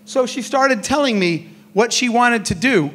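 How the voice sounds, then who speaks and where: A middle-aged man with a notably high voice for a man delivers a motivational speech. He tells his stories in a lively way and plays out each exchange of dialogue. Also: unhurried. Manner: animated storyteller acting out dialogue. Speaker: keynote speaker on entrepreneurship.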